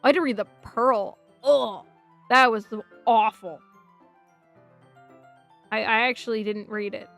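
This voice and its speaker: A woman's voice: fairly high pitch, a little slow, gravelly, pauses often, fairly bright tone, faint music behind. A young American woman streaming a game, chatting in a rambling way, answering chat messages aloud and laughing often. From United States.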